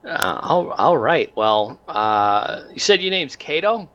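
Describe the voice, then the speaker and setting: A man voicing a gruff, cursing cyborg lieutenant in a tabletop game. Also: medium pitch, very animated, slow pace, lo-fi sound. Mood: brusque. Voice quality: brusque and swearing. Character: gruff cyborg male guard lieutenant, brusque.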